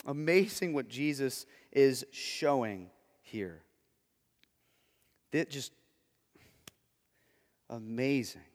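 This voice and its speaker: A male pastor preaching a sermon, moving between hushed and emphatic delivery. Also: medium pitch, animated, drawn-out words, pauses often, long reverb tail.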